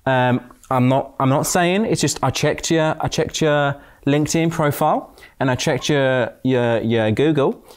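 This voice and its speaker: A man's voice: mid-range voice, measured pace, smooth. A man playing a board game on stream, bantering wryly with the other players. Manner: wry, jokey, hesitant restarts.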